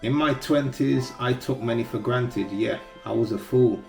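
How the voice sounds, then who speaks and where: Man, gravelly low voice, earnest commentary, roomy echo, faint music behind. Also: normal speed, a little mellow. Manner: earnest, advising tone. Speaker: commentary host. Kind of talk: reaction commentary.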